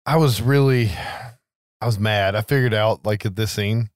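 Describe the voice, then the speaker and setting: A man's voice: lowish voice, normal speed, no echo, clean studio sound. A man co-hosting a podcast, chiming in with jokes and reactions in casual chat. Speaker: podcast co-host.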